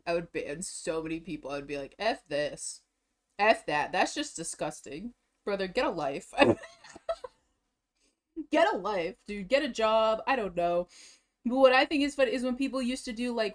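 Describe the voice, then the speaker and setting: A young woman streamer in casual reaction chat, giggly and excitable, often breaking into laughter. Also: mid-range voice.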